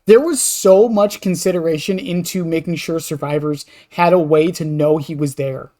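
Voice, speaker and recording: A guest on a casual gaming podcast, talking in quick rambling bursts. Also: medium pitch, dark tone. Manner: quick, rambling, lots of fillers and restarts.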